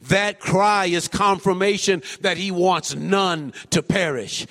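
A man preaching a sermon in a church, swinging from low murmurs to high, shouted calls. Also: steady tone, slow pace, few pauses, long reverb tail. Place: church sanctuary.

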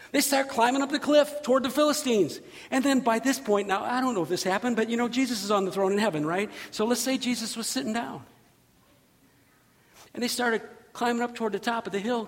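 A male pastor delivers a lively sermon, retelling the scripture story with acted voices and bursts of shouting. His voice sits very high and has a gravelly edge. The sound carries the long reverb of a large hall. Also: brisk.

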